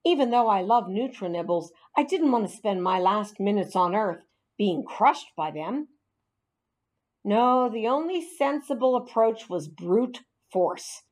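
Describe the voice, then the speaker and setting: A woman reading a children's storybook aloud in an expressive, animated way. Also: medium pitch, a little slow. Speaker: narrator.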